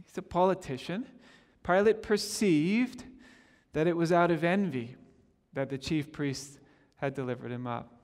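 A man preaching a sermon, animated, acting out the speakers he quotes and often repeating his words. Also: fairly high pitch, unhurried, pauses often, big-room sound.

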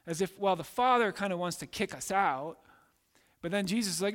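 High-voiced preacher in a reverberant hall. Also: male voice, a little fast, a bit bright. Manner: emphatic, acts out voices in quotes. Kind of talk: sermon.

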